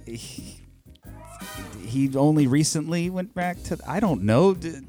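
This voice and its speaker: Hesitant laughing man, lively pitch. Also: unhurried, faint music behind. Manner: hesitant, laughs often, swears. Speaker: podcast co-host, quiz contestant. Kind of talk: casual chat.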